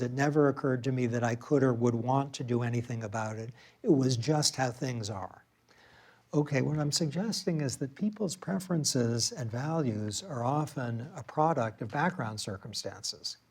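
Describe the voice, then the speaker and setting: A man's voice: mid-range voice, breathy edge. A man giving a public lecture in a room with an audience, telling a personal story in a conversational way with occasional fillers and restarts.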